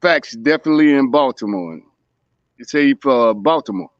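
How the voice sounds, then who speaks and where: A man's voice: medium pitch, lively intonation, moderate pace, no echo. Rambling Southern man, muffled lo-fi sound. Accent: Southern American. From American South. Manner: rambling, with many fillers and restarts. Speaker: co-host. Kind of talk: casual chat.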